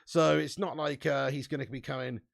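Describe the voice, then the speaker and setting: A young man runs a casual live stream for a fan channel, reading viewers' comments aloud in a chatty, laddish way, laughing a lot and swearing. His mid-range voice is creaky, his intonation fairly even, and his pace moderate.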